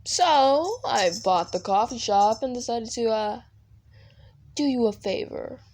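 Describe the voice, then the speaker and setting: A woman's voice: a little high, animated, slow pace. Vox, a woman voicing a possessive TV demon. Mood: smug. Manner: smooth, coaxing, quietly controlling. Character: possessive male TV-headed demon overlord. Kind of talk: fan audio role-play.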